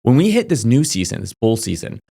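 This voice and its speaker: Fast-talking young man giving crypto advice. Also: mid-range voice, very animated, gravelly, mellow, breathy edge. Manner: rapid, filler-heavy, emphatic, repeats "okay?". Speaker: crypto YouTuber. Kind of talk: casual direct-to-camera advice.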